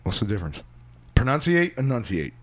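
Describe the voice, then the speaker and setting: Guy cracking crude jokes on a podcast, pitch bouncing all over, laughs a lot. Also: lively intonation, moderate pace, fairly bright tone, a little hiss or hum. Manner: joking, crude, laughs often. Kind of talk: casual chat.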